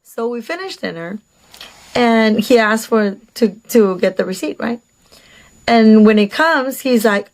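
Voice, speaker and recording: A woman's voice: mid-range voice, normal speed, darkish tone. A woman telling a casual storytime about a date, chatty and sarcastic, with lots of fillers and asides.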